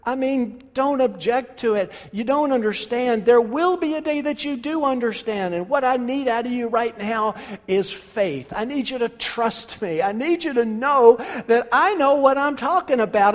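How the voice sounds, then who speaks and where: A preacher acting out Jesus in a raised, pleading voice, slow and earnest, coaxing a friend to trust him. The words are drawn out with gentle insistence, and a long hall reverb trails behind every line. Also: male voice, very high voice, pitched above the performer's own voice. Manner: pleading, conversational, stretching words slowly.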